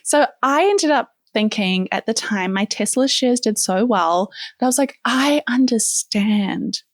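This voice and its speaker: A woman's voice: fairly high pitch, expressive, normal speed, no room sound, studio quality. A woman from New Zealand with a New Zealand accent, hosting in a casual, chatty, playful way with lots of fillers. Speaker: host. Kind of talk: casual chat.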